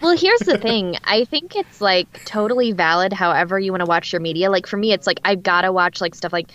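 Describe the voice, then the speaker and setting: A woman's voice: medium pitch, expressive, brisk, fairly bright tone. A woman from Alaska with a general West Coast American accent, a voice actor guest chatting casually on a podcast with many fillers. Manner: chatty, laughs often, lots of fillers.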